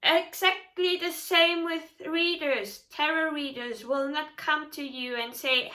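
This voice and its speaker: A woman tarot reader giving casual vlog advice, animated and emphatic, often laughing. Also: sits high, unhurried, hardly any pauses.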